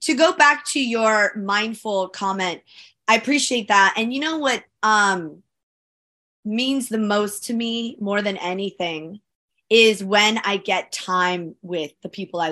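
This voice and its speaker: A woman co-hosting a podcast, chatting casually and telling stories with animated emphasis. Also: a little high. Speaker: podcast co-host. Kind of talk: casual chat.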